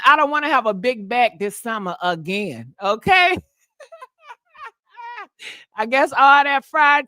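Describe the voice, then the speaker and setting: A woman hosting a casual gossip livestream, sassy and animated, chatting to viewers and laughing often. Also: high-pitched, no echo, studio quality. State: short of breath.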